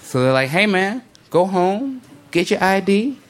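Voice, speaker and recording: A man doing a stand-up comedy set in a club, telling a story animatedly and acting out the people in it. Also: measured pace. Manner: animated storytelling, acting out characters, swinging pitch. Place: comedy club stage with a laughing audience. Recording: live club recording with crowd laughter and noise.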